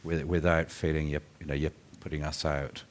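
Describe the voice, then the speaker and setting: A man speaking earnestly on a conference panel, halting and restarting as he thinks. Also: a bass voice, little pitch movement. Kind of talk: casual panel discussion.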